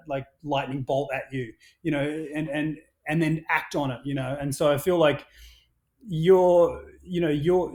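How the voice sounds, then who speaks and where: A man on a podcast, talking in a rambling, animated way with many restarts and plenty of swearing as he tells stories. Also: a little high. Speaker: podcast guest, action sports brand founder. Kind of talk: casual podcast conversation.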